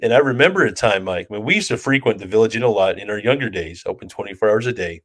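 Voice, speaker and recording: A man co-hosting a podcast, telling stories in a relaxed, chatty way. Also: on the low side, quick pace. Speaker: podcast co-host. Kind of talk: casual storytelling chat.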